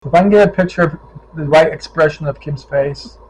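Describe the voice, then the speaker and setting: Speaking a little fast in a husky voice that leans high, a middle-aged Ohio cyclist narrates stories from his tour in a relaxed vlog. He's an animated storyteller who acts out the quoted voices of people from the trip, and the recording is low quality.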